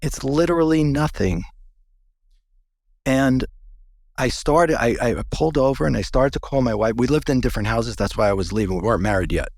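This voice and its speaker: A man's voice: mid-range voice, lively intonation, brisk, a little mellow, no echo, clean studio sound. A man guest in an interview, earnestly recounting a personal experience in a conversational way, often restarting sentences.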